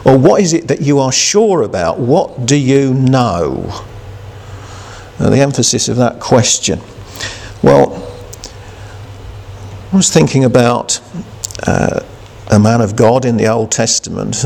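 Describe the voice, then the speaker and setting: A man preaching a sermon who reads scripture, then speaks haltingly with many restarts and fillers. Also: medium pitch, gravelly, darkish tone, long reverb tail.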